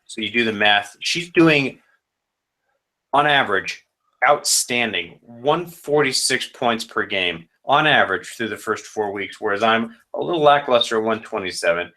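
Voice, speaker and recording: A man's voice: fairly low pitch, lively intonation, normal speed, bright, forceful tone. A man who runs a fantasy football league, casually rambling through matchup predictions with self-corrections and joking asides.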